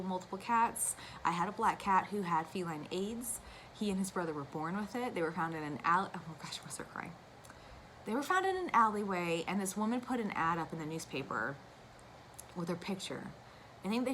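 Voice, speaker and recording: A woman's voice: lowish voice, pushed and bright, slight background noise, rough recording. A young woman chatting casually to camera about her cross-stitch, gushing and wandering into asides. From United States.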